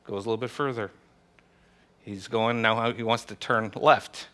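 Bright-voiced joking preacher. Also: male voice, on the low side, fairly even intonation, moderate pace. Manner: chatty, joking, laughs easily. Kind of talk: casual joke-telling and church teaching. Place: small church gathering.

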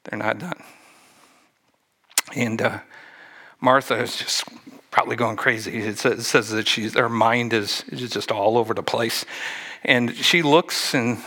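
A male pastor preaching a sermon, acting out Bible scenes with lively shifts and dropping to a hush for emphasis. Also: medium pitch, unhurried, long pauses.

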